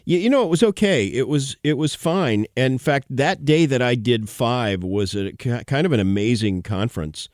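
A man talks on a radio show with a stuffy, hoarse voice left by bronchitis. He speaks haltingly, with plenty of fillers and restarts. The studio sound is close and dry. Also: medium pitch, lively intonation, no echo. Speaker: radio show regular guest. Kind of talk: casual radio chat.

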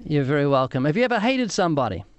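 A man's voice: a little high, very animated, very fast, no room sound. A man with a New Zealand accent, questioning a young woman on a phone line with light teasing. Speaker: street evangelist.

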